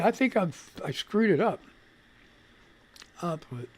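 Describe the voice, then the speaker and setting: Slow-talking frustrated man muttering. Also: sits high, lively intonation, a little mellow, slightly rough. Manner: frustrated muttering while fixing tech; swears casually. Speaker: radio show host. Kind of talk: casual live-stream commentary.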